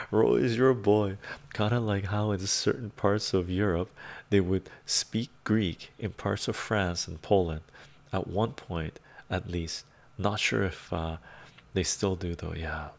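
A man hosting a casual live stream, soft-spoken and laid-back, reading chat, chuckling often and drifting into whispers. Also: deep voice, steady tone, slow, creaky. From Canada.

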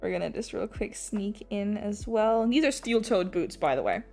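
On an art stream, a young English-accented woman chats while drawing at a moderate pace, her mid-range voice darkish with lively intonation, soft music underneath. She rambles, restarts sentences, laughs often and swears now and then.

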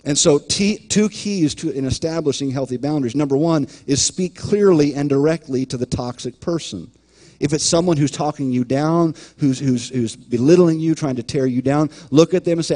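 A man's voice: on the high side, moderate pace, warm tone. A man preaching a sermon as pastor, emphatic, often repeating words and acting out imagined voices.

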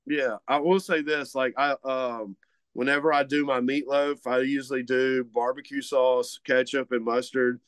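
A man's voice: mid-range voice, fairly even intonation, normal speed, smooth, no echo. Rambling man, dry close sound. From Mississippi. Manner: rambling, filler-heavy, easygoing. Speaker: guest co-host, butcher shop representative. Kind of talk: casual podcast chat.

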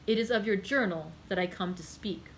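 A woman's voice: medium pitch, brisk, slight background noise, natural voice. A woman reading the part of a proud young male viscount who speaks coldly and formally in a storybook reading. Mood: indignant. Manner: cold, formal, insistent.

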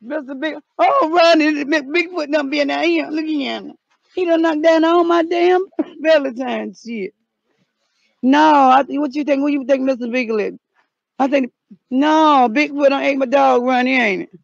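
Woman vlogger, very high gravelly voice, dramatic and loud, dull lo-fi sound outdoors. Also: normal speed, no echo. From North Carolina, US. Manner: excitable and dramatic, frequent shouts and slang. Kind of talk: casual vlog. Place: outdoors in cold weather.

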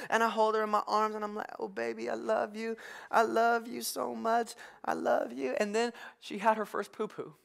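Young male pastor, high voice, animated comic delivery. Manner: animated comic storytelling with congregation call-outs. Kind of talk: humorous sermon. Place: church service with live congregation.

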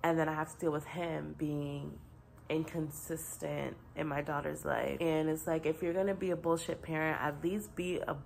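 Gravelly low-voiced young woman vlogger. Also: fairly even intonation, moderate pace, darkish tone, a little hiss or hum. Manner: frustrated, blunt and profane. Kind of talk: casual vlog rant.

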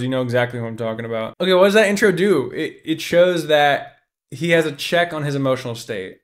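A young man hosting a podcast, talking excitedly and casually about a book, animated and swearing freely. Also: medium pitch. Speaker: podcast host.

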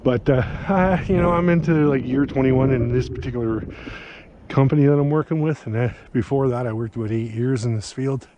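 A man's voice: medium pitch, brisk, warm tone, a little hiss or hum. Rambling middle-aged man, a bit breathless. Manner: rambling, chatty, many fillers. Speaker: gardening vlogger. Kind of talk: casual walking vlog. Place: outdoors in a snowy garden.

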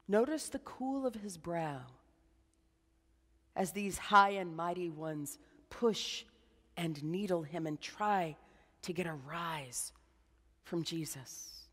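A woman preaching a sermon as a slow, dramatic guided meditation, dropping to a hush at times. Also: fairly low pitch, animated, big-room sound. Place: church.

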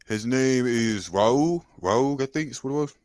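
A man's voice: medium pitch, measured pace, a little mellow, dry recording, clean studio sound. A man from New York chatting loosely on a video call, slangy and joking. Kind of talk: casual video chat.

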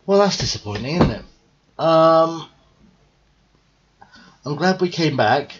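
A tired young man thinking out loud in a rambling, casual commentary as he plays a game. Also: on the high side, expressive, slow pace, breathy edge, highs cut off. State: tired, yawning. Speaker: gaming video host. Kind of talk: casual let's-play commentary.

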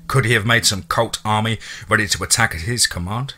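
A man narrating a first-person horror story in a casual, profane way, with a husky voice. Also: lowish voice, fairly quick, pushed and bright.

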